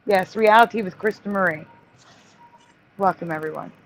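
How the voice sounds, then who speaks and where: A woman's voice: mid-range voice, normal speed, creaky, poor audio. Woman host of a live stream, apologizing, slight hiss behind her. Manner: apologetic, reads out names. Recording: faint background noise.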